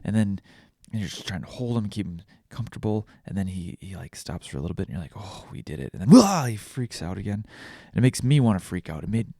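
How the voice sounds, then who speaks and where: A man's voice: fairly low pitch, fast, few pauses, mellow, no echo, clean studio sound. A man hosting a casual solo podcast, rambling and self-deprecating with crude jokes. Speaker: podcast host.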